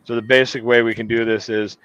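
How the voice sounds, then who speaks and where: A man's voice: mid-range voice, flat delivery, brisk, fairly bright tone, lo-fi sound, a little hiss or hum. A man hosting a casual chat, telling long, profane anecdotes full of asides. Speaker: show host.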